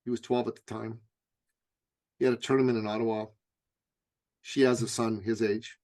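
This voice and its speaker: A man's voice: lowish voice, little pitch movement, moderate pace, darkish tone. A middle-aged man, a guest in an interview, telling a personal anecdote vividly and often restarting with stammered "I, I".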